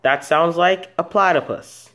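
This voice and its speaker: Rambling man with a higher voice. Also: a little slow, sharp tone. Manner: rambling, many false starts and self-corrections. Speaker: host of an animal video channel. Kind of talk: casual unscripted animal talk.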